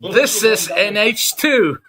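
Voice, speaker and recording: A man's voice: sits high, expressive, slow, crowd noise. A man with a Dutch accent whose first language is Dutch, co-hosting a podcast in casual banter, wry and playful, acting out little quoted voices, speaking over a Skype call. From Netherlands. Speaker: podcast co-host.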